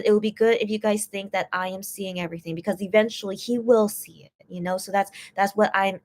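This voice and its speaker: A woman hosting a casual stream, translating and explaining posts, talking in a rambling way full of fillers and restarts. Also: mid-range voice. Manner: gets teary and emotional while reading. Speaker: fan channel host translating posts. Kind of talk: casual live-stream chat.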